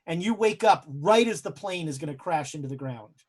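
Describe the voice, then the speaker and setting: A young man narrating a tabletop horror game as game master, telling eerie dream scenes with dramatic pauses and frequent hesitant fillers. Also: fairly high pitch, expressive.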